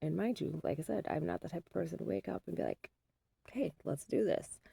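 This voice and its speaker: Gravelly-voiced mom rambling through a story. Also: female voice, fairly low pitch, fast talker, dark tone, dry recording. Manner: rambling and self-deprecating, with many fillers. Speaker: mother telling a story.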